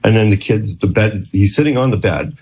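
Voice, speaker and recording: Husky, low man, middle-aged, a chatty guest storyteller. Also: a little fast, a little mellow. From Canada. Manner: rambling, chatty, with frequent restarts and acted quotes. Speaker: guest, former clinician who worked with police. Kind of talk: storytelling interview.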